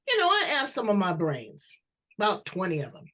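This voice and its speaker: Woman, host, blunt, chatty, animated pitch. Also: normal speed. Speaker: talk show host. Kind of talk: interview, casual chat.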